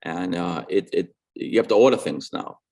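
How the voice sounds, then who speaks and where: Low-voiced, earnest man with halting speech. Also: darkish tone. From New England, USA. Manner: earnest, halting with restarts and repeated words. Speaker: guest artist and educator. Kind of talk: casual interview chat.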